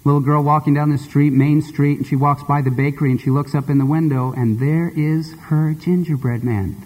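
Husky preacher in a reverberant hall. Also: male voice, a little high, brisk. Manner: expressive, conversational storyteller. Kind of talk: sermon with storytelling.

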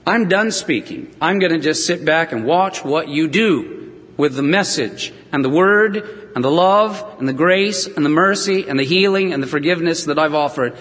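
Husky male preacher in a reverberant hall. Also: on the high side, moderate pace, a bit bright. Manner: storytelling, acts out voices of scripture figures. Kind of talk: sermon. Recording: long reverb of a large hall.

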